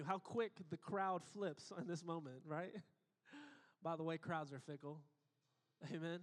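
High-voiced man preaching emphatically. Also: measured pace. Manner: emphatic, repeats phrases, builds to high excited peaks. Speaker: pastor. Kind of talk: sermon. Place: church auditorium. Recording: long hall reverb.

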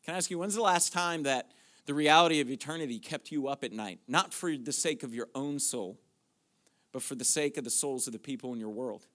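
A man pastor preaching a sermon, moving from quiet questions to loud, shouted declarations. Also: medium pitch, fairly quick.

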